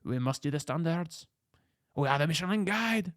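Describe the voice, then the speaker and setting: A man's voice: a little high, lively intonation, normal speed, fairly bright tone, dry recording, clean studio sound, pitched above the performer's own voice. A man voicing a stern, intense French male food inspector in a mock French accent, pompous and insistent.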